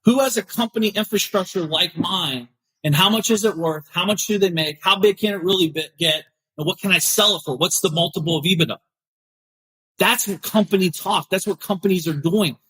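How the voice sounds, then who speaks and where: A man's voice: a little high, sharp tone, slightly rough, rough recording. A middle-aged man hosting a podcast, giving blunt, fired-up motivational talk and repeating phrases for emphasis. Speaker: podcast host. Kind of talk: motivational live talk, reading viewer comments.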